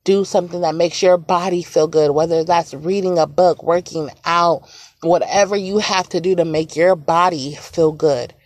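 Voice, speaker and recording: A woman in her twenties gives an emotional motivational monologue to viewers, earnest and repetitive, often soft and quiet. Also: fairly low pitch, steady tone, moderate pace, no room sound. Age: 20s. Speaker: vlogger.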